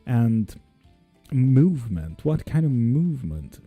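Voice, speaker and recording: A man reading tarot live and answering viewers' chat questions, relaxed and casual, with the odd swear word. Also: medium pitch, slow, breathy edge, no room sound, faint music behind. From not Swedish.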